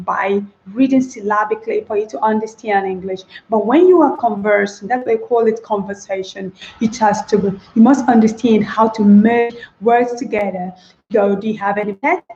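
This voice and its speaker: Female English teacher, higher-pitched, drills example phrases aloud; dull, muffled recording. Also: a little mellow. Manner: demonstrates phrases by repeating them with changing stress. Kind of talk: online spoken English lesson. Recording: roomy, dull lo-fi sound.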